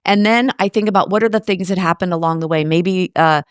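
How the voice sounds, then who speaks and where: Chatty american woman in her late 50s, bit low voice, dry close sound, tells stories with lots of asides. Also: brisk, clear, resonant tone, no echo. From United States. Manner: chatty, animated storytelling with rhetorical asides. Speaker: guest. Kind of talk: casual interview conversation.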